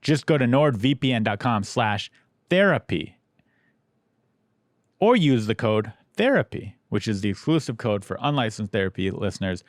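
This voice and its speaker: A male podcast host with a lowish voice, trading teasing banter and reading ads. His voice is dry and close, with no room around it. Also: lively intonation, normal speed, no room sound. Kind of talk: casual chat and ad read.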